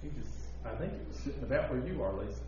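A pastor preaches a sermon, swinging between loud, emphatic delivery and quiet, intimate asides. His medium-pitched voice is animated and quick. The audio is dull, with noise in the background.

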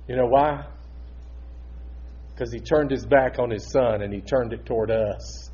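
A male pastor delivering a sermon, shifting between loud emphatic preaching and quiet, intimate asides. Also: medium pitch, a little slow, long pauses, lo-fi sound.

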